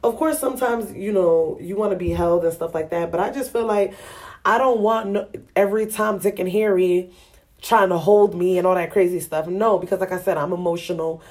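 A woman's voice: on the low side, a little fast, a little mellow. A woman hosting a podcast, talking frankly and chattily to listeners in a sassy, laughing way. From Ghana. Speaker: podcast host. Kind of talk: candid solo podcast talk.

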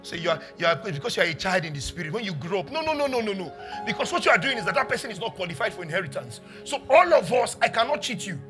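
High, lively pastor preaching. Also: male voice, very fast, few pauses, over music. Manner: emphatic preaching, swings from loud exclamations to quiet teaching. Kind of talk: sermon.

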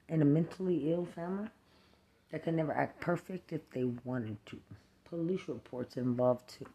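A woman in an angry, profane rant, hurling insults over and over and swinging between shouting and low muttering. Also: normal speed.

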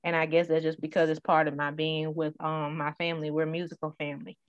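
A woman in her thirties in casual conversation, an animated storyteller who acts out the voices in her stories. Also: deep voice, fast talker, clean tone, dry recording. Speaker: guest sharing her story. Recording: dull, dry sound.

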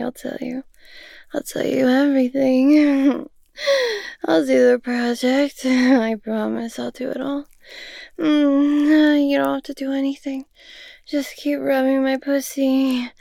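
A woman playing a breathy, pleading young student. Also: high-pitched, warm tone, dry recording, clean studio sound, full character voice.

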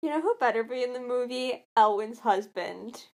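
A young woman in casual fan chat, rambling and animated, poking fun at herself. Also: fairly high pitch, moderate pace. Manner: rambling, animated, self-deprecating.

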